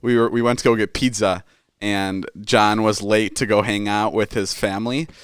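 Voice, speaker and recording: A man in his twenties, a podcast host, telling a story in a casual, animated way with lots of swearing, acting out his friends' lines as he goes. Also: lowish voice, normal speed, clear, resonant tone, no echo, clean studio sound.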